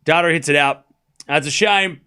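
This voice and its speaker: A man's voice: on the high side, fairly quick, pushed and bright, clean tone. A man casually commentating a live tennis match on a stream, joking and chatting with viewers. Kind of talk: casual watchalong play-by-play.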